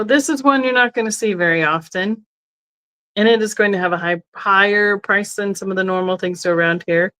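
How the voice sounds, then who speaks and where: A woman's voice: mid-range voice, poor audio. Chatty woman hosting a live sale. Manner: chatty, thinks aloud, self-correcting. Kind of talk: casual live-stream selling. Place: indoors, seated in a chair.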